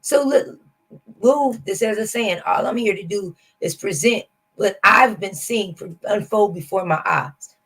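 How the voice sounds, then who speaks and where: A woman's voice: mid-range voice, measured pace, fairly bright tone, slightly rough, low-quality recording. A woman hosting a reaction stream, talking casually and skeptically straight to her viewers. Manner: chatty, talks to viewers directly, skeptical. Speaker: reaction channel host. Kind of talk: casual commentary.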